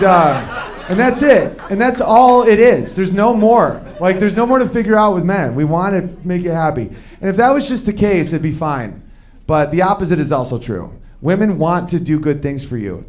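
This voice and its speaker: A man doing a stand-up comedy routine in a fairly high voice. He tells stories with lively energy and keeps jumping into acted-out quotes of men and women. He is on a club stage with a handheld mic, and the audience laughs along. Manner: animated storytelling, quick shifts into acted-out quotes of men and women.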